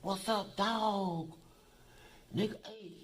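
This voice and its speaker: A man's voice: sits high, steady tone, slow, slight background noise, poor audio. An older man, a former prisoner, telling blunt, profane stories in a documentary interview. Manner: blunt, profane, boastful storytelling.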